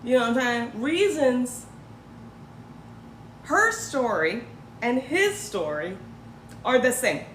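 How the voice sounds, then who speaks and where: A woman's voice: a little high, sing-song, takes it slowly, long pauses, a bit bright. A woman hosting a casual commentary livestream, talking in a loose, sarcastic way and now and then slipping into mocking voices. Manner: conversational, sarcastic, swings into mocking put-on voices. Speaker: host. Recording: echoey room with faint ambient noise.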